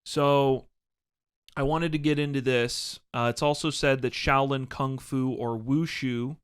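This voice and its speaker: A man's voice: mid-range voice, fairly even intonation, measured pace, smooth. A young man co-hosting a casual podcast, laughing easily and explaining history at length. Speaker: podcast co-host.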